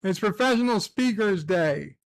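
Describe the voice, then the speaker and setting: A man hosts a casual livestream chat, reading off the day's holidays and chat messages with crude, sarcastic, profane asides and rants. His voice sits high and is expressive, with vocal fry and a measured pace.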